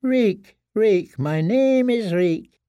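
A man voicing a starved, broken male prisoner who whimpers and begs in a thin, weak, squeaking voice, stammering with terror. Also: steady tone, very slow, darkish tone, no echo, clean studio sound, heavily acted. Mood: broken, tearful.

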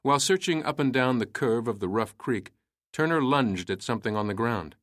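A man reading a historical story aloud in a measured storytelling manner. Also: medium pitch, expressive, dry recording, clean studio sound. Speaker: narrator. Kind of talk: scripted narration.

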